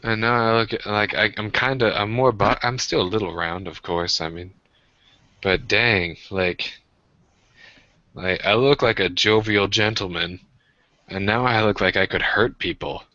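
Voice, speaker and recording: A man's voice: on the low side, fairly even intonation, unhurried, pushed and bright, no room sound, dull audio. A young man co-hosting a podcast in casual rambling chat, profane and self-mocking as he tells jokey stories. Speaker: podcast co-host.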